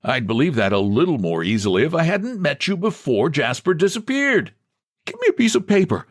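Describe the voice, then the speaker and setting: A man's voice: fairly high pitch, big pitch swings, a little fast, no room sound, clean studio sound, pitched above the performer's own voice. A man voicing a breezy, patronizing bank president. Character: smooth, condescending male bank president.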